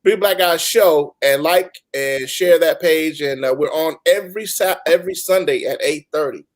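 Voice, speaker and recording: A man hosting a casual panel talk, relaxed and informal as he calls on guests and makes announcements. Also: on the high side, moderate pace. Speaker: host.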